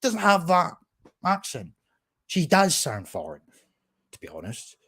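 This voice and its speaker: A man's voice: on the high side, wildly swooping pitch, measured pace, sharp tone, breathy edge, no echo, clean studio sound. A Scottish man hosting a livestream, giving sardonic, rambling commentary and reading the chat aloud. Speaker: livestream host.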